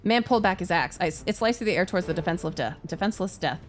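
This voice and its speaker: Animated woman streamer reading game text. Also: lowish voice, very fast, faint music behind. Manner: animated, cursing, laughing asides. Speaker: VTuber streamer. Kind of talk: reading a game aloud with commentary.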